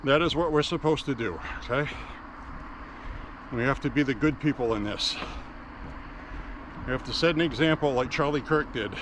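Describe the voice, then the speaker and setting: A man's voice: medium pitch, moderate pace, long pauses, noisy background. A man talking to his phone camera while walking outdoors, speaking bluntly and with emotion, sometimes swearing. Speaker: vlogger. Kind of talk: walking vlog monologue.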